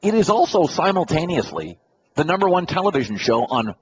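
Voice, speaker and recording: A man with a fairly high voice delivers an opinionated radio monologue in a blunt, lecturing tone. The sound is a little dull, with faint noise behind him. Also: big pitch swings, a little fast. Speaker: radio host. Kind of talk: casual monologue.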